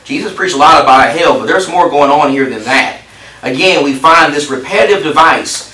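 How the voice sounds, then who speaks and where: A man's voice: a little high, moderate pace, sharp tone. A man preaching a sermon to a congregation. He talks emphatically, repeats phrases for stress and puts questions to his listeners. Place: large hall with a congregation. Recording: roomy echo, distant mic.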